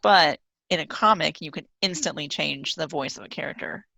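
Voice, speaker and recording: A woman's voice: sits low, normal speed, creaky, pushed and bright, dry recording. A woman co-hosting a podcast, talking things through thoughtfully and laughing often. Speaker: podcast co-host. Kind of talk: casual chat about a comic.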